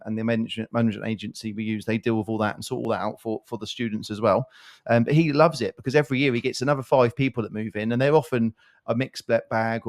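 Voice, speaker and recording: Fast-talking man in casual chat. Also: on the low side. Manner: rapid rambling delivery with asides. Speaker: podcast co-host, property developer.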